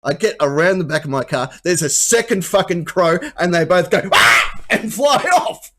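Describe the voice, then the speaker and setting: Animated, swearing male storyteller. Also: a little high, a little fast. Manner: animated storytelling, swears freely, laughs often. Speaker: co-host. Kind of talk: casual comedic banter.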